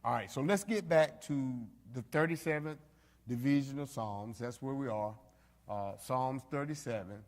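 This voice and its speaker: A man's voice: mid-range voice, normal speed. A man leading an informal Bible study, talking conversationally to the group with frequent fillers and direct asides. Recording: reverberant hall.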